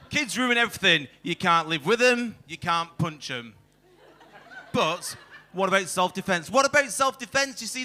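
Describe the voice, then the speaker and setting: High, bright crude stand-up comic man. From England. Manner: crude, self-mocking, heckling the crowd. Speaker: stand-up comedian. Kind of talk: stand-up set. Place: comedy club stage.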